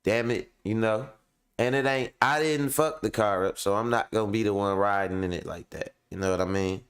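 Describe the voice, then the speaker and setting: A man's voice: on the low side, normal speed, a bit bright, clear, resonant tone. A man hosting his own online show, venting casually and at length to his viewers in a frustrated, rambling, profane way. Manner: heavy fillers, addresses viewers directly.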